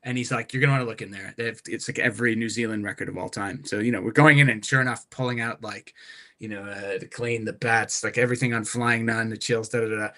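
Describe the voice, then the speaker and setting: Guest musician, male, bright forward voice, rambling and animated storyteller. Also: lowish voice, fast. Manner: rambling, animated anecdotes with many restarts. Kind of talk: casual podcast storytelling.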